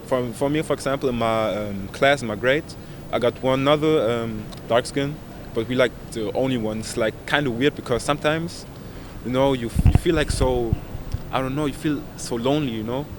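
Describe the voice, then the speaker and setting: A young man, answering street interview questions casually and haltingly, often searching for words. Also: medium pitch. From Germany. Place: city street outdoors. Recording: outdoor street with loud traffic noise.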